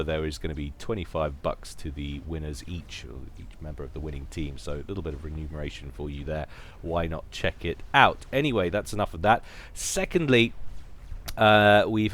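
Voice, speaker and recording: A man's voice: rumbling low, a little hiss or hum. A man giving casual, joking commentary on a video game match. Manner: chatty, joking, self-deprecating.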